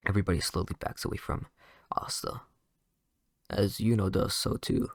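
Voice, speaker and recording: Fan storyteller, male, gravelly lowish voice, dry close sound, loose rambling delivery. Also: fairly even intonation, normal speed, long pauses, no echo. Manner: rambling, many fillers and restarts. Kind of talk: casual improvised fan story narration.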